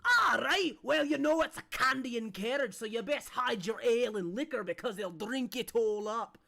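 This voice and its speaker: A game master voicing a tiny, boisterous male pirate made of a cube of cheese, talking in a loud, mocking way. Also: medium pitch, lively intonation, normal speed, vocal fry, pitched above the performer's own voice.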